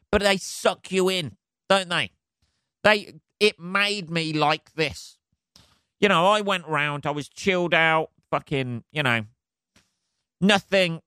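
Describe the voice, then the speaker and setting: A man delivers a solo podcast rant in a bright, fairly high voice, peppering every line with swearing and laughter. His tone is crisp and clean, and the sound is close and dry. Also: no echo. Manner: sweary, animated, laughs a lot. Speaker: podcast host.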